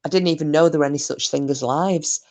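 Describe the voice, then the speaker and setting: A woman's voice: deep voice, quick pace, a little mellow. A middle-aged woman, hosting a casual livestream, reading chat messages aloud and trading cheeky, bawdy banter. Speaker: live stream host reading chat.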